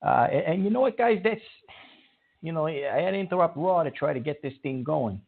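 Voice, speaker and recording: A man hosting a call-in radio show, talking in a rambling way with many halting restarts. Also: fairly high pitch, lively intonation, vocal fry. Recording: tinny phone-line sound.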